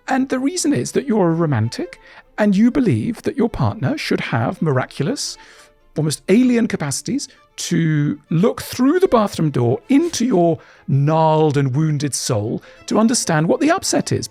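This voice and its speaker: A middle-aged man answering interview questions in an animated way, acting out little voices as he explains. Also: high voice. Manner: animated, acts out voices in quotes. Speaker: guest author.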